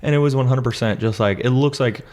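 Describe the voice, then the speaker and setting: A young man chatting excitedly about a movie, acting out lines in high silly voices. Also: fast talker. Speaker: podcast co-host reviewing a movie. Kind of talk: casual chat, retelling scenes.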